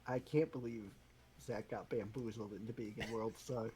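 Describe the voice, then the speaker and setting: A man's voice: fairly low pitch, fairly even intonation, normal speed, mellow, slight background noise. A man co-hosting a game stream, chatting casually with dry, wry remarks. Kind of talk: casual chat. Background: faint background music.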